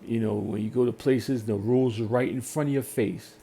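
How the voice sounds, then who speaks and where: A man's voice: mid-range voice, brisk, gravelly, a little hiss or hum. A man telling a story in a casual rant, acting out customer service calls in different voices. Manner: animated storytelling, acts out phone calls in voices. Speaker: podcast host.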